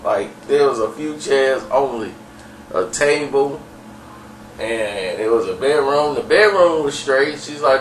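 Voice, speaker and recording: A man's voice: medium pitch, expressive, slow pace, slight background noise. Rambling man telling stories, roomy sound. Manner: rambling, laughing, full of fillers. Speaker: storyteller. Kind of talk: casual storytelling. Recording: echoey room, far from mic, faint ambience.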